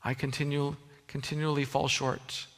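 A man's voice: fairly high pitch, flat delivery, normal speed, fairly bright tone, long reverb tail. A man preaching a sermon as pastor, earnest and emphatic, often restarting his phrases.

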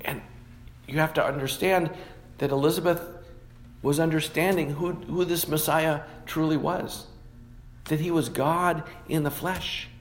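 A man's voice: a little high, fairly even intonation, a little slow. A man preaching a sermon, teaching through scripture and often stopping to correct himself. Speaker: pastor.

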